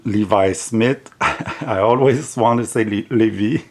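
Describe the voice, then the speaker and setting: A man with a French accent, a native French speaker, chatting casually on video in an unhurried, rambling way full of restarts and self-corrections. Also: lowish voice. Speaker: tarot deck reviewer.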